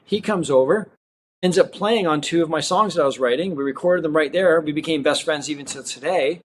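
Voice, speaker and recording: A man's voice: a little high, a little fast, a little hiss or hum. A man, a magician, telling a long personal story in a casual interview and acting out the people he quotes. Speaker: magician and guest.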